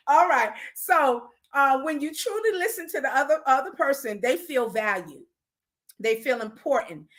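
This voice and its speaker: Woman host, high bright voice, chatty advice talk. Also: animated, unhurried. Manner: chatty, warm asides to her pet mid-talk. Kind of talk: casual relationship advice talk.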